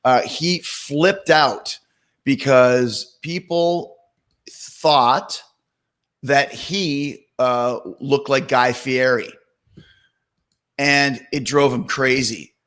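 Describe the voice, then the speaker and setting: A man co-hosting a podcast in casual chat, halting and hunting for words. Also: medium pitch, a bit bright. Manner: halting, hunts for words with fillers. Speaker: podcast co-host.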